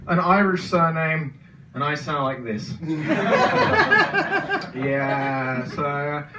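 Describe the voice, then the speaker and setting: A young man with a Birmingham accent doing a deadpan, self-deprecating stand-up set in a comedy club. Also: fairly high pitch, slow pace, heavy background noise. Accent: Birmingham English. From England. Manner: deadpan self-deprecating, many filler ums. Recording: roomy club sound from a distance.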